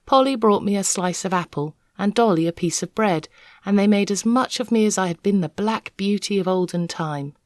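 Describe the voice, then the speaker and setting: A woman reading a children's novel aloud, an expressive, measured storyteller. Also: medium pitch, dry recording, clean studio sound. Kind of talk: expressive read-aloud narration.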